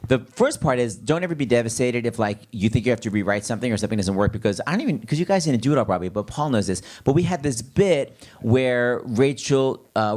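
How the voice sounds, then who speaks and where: A man hosting a live stage interview, telling comic stories with lots of laughter and acting out quotes. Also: fairly low pitch. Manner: animated, laughing, acts out quotes in big voices. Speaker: talk show host.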